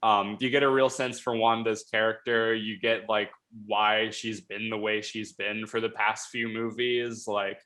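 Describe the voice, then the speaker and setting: A man hosting a casual episode review, talking quickly in a rambling way with lots of fillers and restarts. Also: on the low side, level tone, pushed and bright. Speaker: show host reviewing a TV episode.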